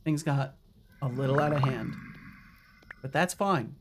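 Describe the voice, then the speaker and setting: A man's voice: medium pitch, measured pace, background noise. A man live-streaming a video game, chatting casually with his viewers and swearing often. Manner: swears often, talks to chat while playing.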